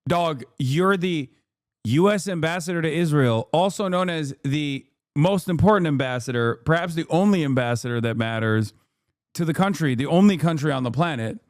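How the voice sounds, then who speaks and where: A man's voice: a little high, lively intonation, normal speed, dry recording, clean studio sound. A man streaming, reacting to a debate clip with profane, sarcastic commentary.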